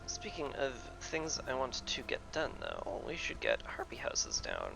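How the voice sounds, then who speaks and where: Male gamer, gravelly and animated, casual playthrough commentary. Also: mid-range voice, music in the background. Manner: musing aloud, playful asides, drawn-out fillers. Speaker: video game player.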